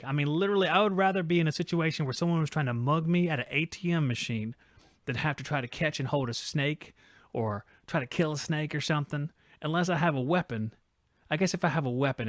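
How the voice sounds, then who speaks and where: A man's voice: mid-range voice, dry recording, studio quality. A man hosting a live call-in trade show from home, telling jokey stories and acting out quotes and noises. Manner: animated joking storyteller, acts out quotes and noises. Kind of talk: casual live-stream chat.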